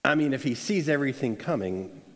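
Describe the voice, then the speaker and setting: A man preaching a sermon in a conversational, animated storytelling way, acting out quotes. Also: mid-range voice, brisk. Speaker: pastor. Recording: echoey hall with long reverb.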